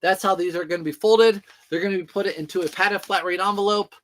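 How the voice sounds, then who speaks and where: Thirtysomething guy with a slightly high voice, rambling through orders on a live stream, answering chat. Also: fairly even intonation, fairly quick, fairly bright tone. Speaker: eBay reseller streaming to viewers. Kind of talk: casual livestream chat while packing orders.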